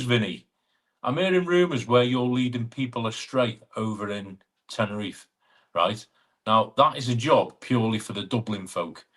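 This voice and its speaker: A man's voice: mid-range voice, a bit bright. Chatty man hosting a live stream. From England (Chester). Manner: chatty, teasing banter with viewers by name. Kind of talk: casual live-stream chat reading out viewer comments.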